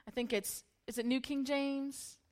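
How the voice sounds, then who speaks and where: A woman's voice: high voice, fairly even intonation, a little slow. A young woman giving a casual, playful sermon, retelling a story in slangy voices and laughing often.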